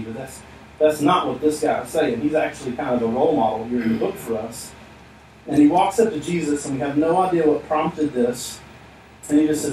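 A man's voice: mid-range voice, darkish tone, far from the mic. A man preaching a sermon in church. He speaks animatedly and acts out the words of the figures he talks about. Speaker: pastor. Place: church sanctuary. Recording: echoey room, heard from afar, faint hiss.

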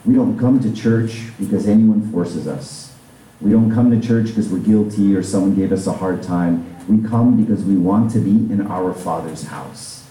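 Male pastor, low and very mellow voice, chatty sermon full of "right?" asides, picked up from a distance in a reverberant church. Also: moderate pace. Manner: conversational preaching with frequent "right?" asides.

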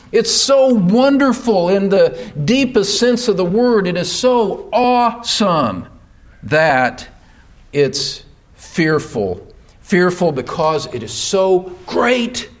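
A man preaching a sermon from a church pulpit, emphatic and building to loud rhetorical questions. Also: high voice, lively intonation, slow pace. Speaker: pastor.

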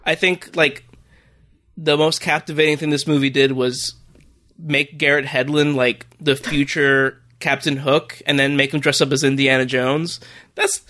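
A man's voice: a little high, flat delivery, a little slow, bright, forceful tone. A man co-hosting a movie podcast who rambles and sounds incredulous, full of filler words. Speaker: podcast co-host. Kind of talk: casual movie review chat.

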